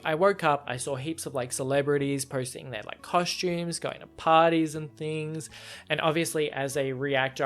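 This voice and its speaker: A young Australian man in his twenties, hosting his own podcast and telling stories in an animated, self-mocking way. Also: medium pitch. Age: 20s. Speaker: podcast host. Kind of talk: casual solo podcast storytelling.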